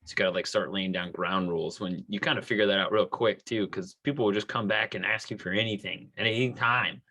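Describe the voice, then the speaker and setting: A man co-hosting a casual podcast, talking in a relaxed way with lots of fillers. His voice is fairly low and has a forceful, sharp edge. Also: fast. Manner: laid-back, filler-heavy storytelling. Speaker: podcast co-host. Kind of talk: casual chat.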